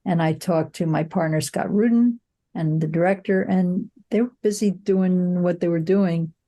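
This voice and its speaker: Older woman, low mellow storytelling voice. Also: moderate pace. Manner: reflective, anecdotal storytelling with frank asides. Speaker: film producer, interview guest. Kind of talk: conversational interview.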